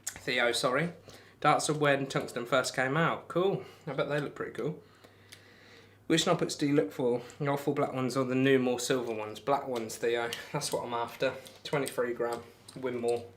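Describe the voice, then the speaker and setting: A young man keeps up a loose, rambling chat on a live darts stream, answering viewers and poking fun at his own throwing. His pitch sits mid-range for a man, and faint noise lies behind him. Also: steady tone, moderate pace, fairly bright tone. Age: young adult. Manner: rambling, self-deprecating, reads out and answers chat. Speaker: darts livestreamer.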